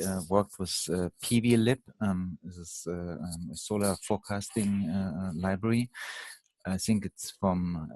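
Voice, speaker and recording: A man with a German accent giving a comment in an online meeting, halting with many ums and uhs. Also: low voice, a little mellow. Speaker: meeting participant. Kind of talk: casual meeting talk.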